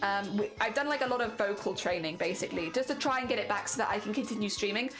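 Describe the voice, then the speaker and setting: A woman streamer in casual live-stream chat with a high-pitched voice, chatty and self-deprecating, often giggling. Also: fast talker, over music.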